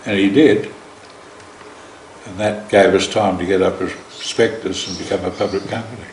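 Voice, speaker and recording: A man's voice: sits low, steady tone, normal speed, darkish tone. An older man with an Australian accent, telling earthy, drily humorous stories about his winemaking years. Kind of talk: anecdotal storytelling. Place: large home kitchen. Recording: roomy kitchen echo, faint hiss.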